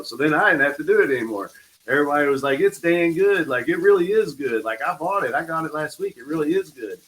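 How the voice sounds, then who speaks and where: A man, a brand founder and guest, telling stories in a relaxed, casual way on a podcast. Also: mid-range voice, poor audio.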